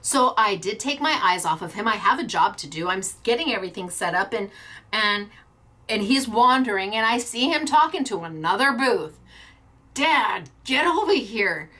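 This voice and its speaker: Bright, lively woman telling stories. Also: medium pitch, normal speed. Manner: lively, laughing storyteller. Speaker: craft class host. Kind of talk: casual anecdote.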